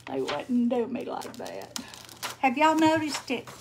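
Drawling, unhurried older woman. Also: high voice, wildly swooping pitch, creaky, noisy background. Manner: folksy, chatty, greets viewers by name. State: tired. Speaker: livestream host. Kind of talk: casual livestream chat while crafting.

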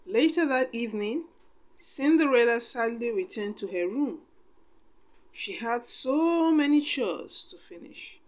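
A woman's voice: fairly high pitch, lively intonation, unhurried. A woman reading a storybook aloud expressively, with chatty asides to her listeners.

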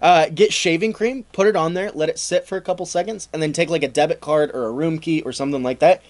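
A man hosting a comedy history podcast, explaining the story in a relaxed, dry-humored way. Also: a little high, fast. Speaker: podcast host telling the story. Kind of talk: casual storytelling chat.

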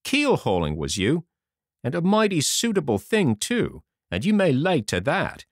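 A man putting on a bluff, loud one-legged pirate landlord for a storybook reading, his voice leaping up and down as he barks questions. Cunning and hearty, he rules his tavern with a big, swinging delivery, heard close and dry. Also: fairly high pitch, huge pitch swings, unhurried, no echo, pitched above the performer's own voice, full character voice. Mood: stern.

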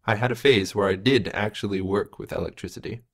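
A man doing a weary, brooding man murmuring low. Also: fairly quick, vocal fry. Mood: wry.

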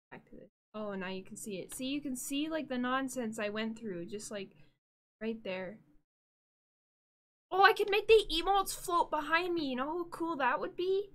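A woman streamer with a fairly high voice chats on a live stream from her room at home. She is bubbly and easily distracted, and she drifts from topic to topic with sudden excited squeals. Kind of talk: casual live-stream chat. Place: home room with green screen.

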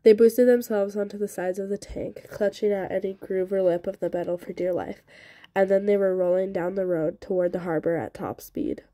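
A woman narrates a novel in a steady, expressive reading voice. Her tone is soft and mellow, and the recording is dry and close with no room echo. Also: on the low side, a little fast. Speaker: audiobook reader.

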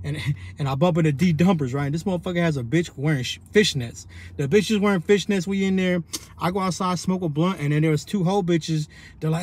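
A man's voice: fairly high pitch, fast, darkish tone. A man telling a rambling story in a loose, slang-heavy way, full of restarts and "you feel me" tags. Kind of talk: casual storytelling monologue.

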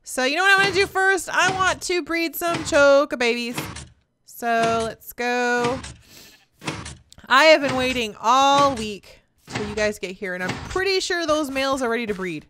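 A woman hosting a casual gameplay video, bubbly and excitable, chatting away to game characters and animals. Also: sits high, normal speed. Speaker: let's play host. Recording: steady background noise.

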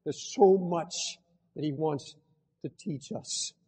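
An older male pastor delivering a fervent sermon straight to the congregation. His voice sits high and has a husky edge. It rings out with the long reverb of a large hall. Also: slow pace, dark tone. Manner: fervent preaching, direct address to the congregation.

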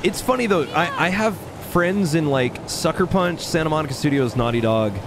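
A man's voice: fairly high pitch, expressive, moderate pace, background noise. Chatty young man streaming a game. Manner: chatty, thanks viewers by name, laughs often. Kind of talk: casual live-stream chat.

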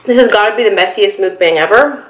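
Young female mukbang host, bubbly and loud, recorded in an echoey room. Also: mid-range voice, fast. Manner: bubbly, giggly, talks loudly. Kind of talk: casual eating-show chat.

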